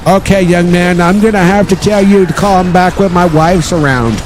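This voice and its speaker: A man's voice: sits high, normal speed, soft background music, pitched above the performer's own voice, lightly acted. A man voicing a cranky, hard-of-hearing old man who keeps asking people to repeat themselves. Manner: cranky, feigning deafness.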